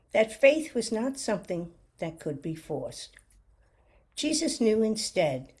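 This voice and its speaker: A woman delivers a sermon reflection, unhurried and earnest. Her voice is mellow and slightly husky, and she weaves a personal story into her preaching with gentle sincerity. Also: medium pitch. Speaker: lay preacher giving a reflection.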